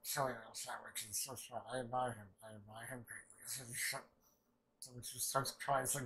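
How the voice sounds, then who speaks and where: A man's voice: medium pitch, fairly quick, vocal fry, poor audio. A man recapping and reacting to an anime episode in casual chat, swearing often and acting out the characters' lines. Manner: excitable, swears a lot, acts out characters' lines.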